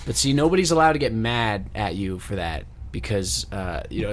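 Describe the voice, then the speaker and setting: A man's voice: mid-range voice, brisk, few pauses. A man co-hosting a casual comedy podcast, swearing freely and telling absurd bits while tipsy from vodka. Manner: animated, swearing, joking storyteller. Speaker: podcast co-host.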